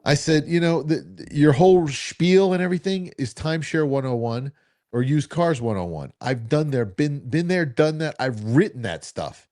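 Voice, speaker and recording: A man co-hosting a casual talk show, telling stories with animated acted-out quotes. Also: fairly high pitch, normal speed. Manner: animated, acts out quoted dialogue. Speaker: co-host. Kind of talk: casual storytelling chat.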